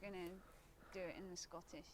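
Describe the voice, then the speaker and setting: A woman from England presenting an online lesson in a slow, drawn-out put-on Scottish voice. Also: fairly low pitch, fairly even intonation.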